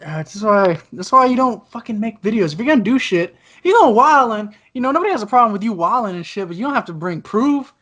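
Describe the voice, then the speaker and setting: A man's voice: high-pitched, animated, fast, hardly any pauses, fairly bright tone. A man talking as a guest on a casual podcast over a video call, crude and joking, laughing often. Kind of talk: casual chat.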